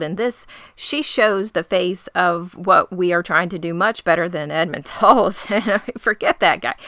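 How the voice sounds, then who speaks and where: A woman's voice: fairly low pitch, pushed and bright, smooth, no room sound, clean studio sound. A woman co-hosting a podcast, recapping a show with sarcastic, exasperated asides. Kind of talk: casual chat.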